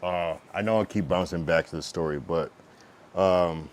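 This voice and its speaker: A man's voice: low-pitched, normal speed, slight background noise. A male streamer chatting casually to his viewers, rambling, profane and blunt, with lots of fillers. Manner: talks to chat while fiddling with his stream setup. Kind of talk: casual livestream chat.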